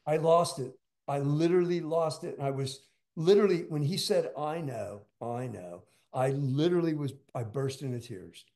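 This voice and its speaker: Older man, drummer guest; rambling anecdotes, fillers, slightly high voice. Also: brisk. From United States. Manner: rambling, animated storytelling with many fillers. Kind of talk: storytelling interview.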